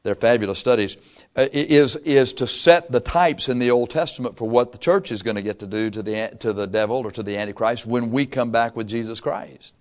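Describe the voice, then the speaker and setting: Pastor leading a Bible study, conversational storyteller with a mid-range voice, quizzes the congregation. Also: male voice, mid-range voice, fairly quick. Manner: conversational storytelling, asks the congregation questions, chuckles. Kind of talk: Bible teaching sermon.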